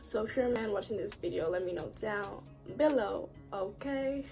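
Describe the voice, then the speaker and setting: A woman's voice: mid-range voice, lively intonation, normal speed, vocal fry, music in the background. A young woman, chatting casually to camera as a vlogger, exasperated and ranting, with lots of "like". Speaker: beauty and lifestyle vlogger.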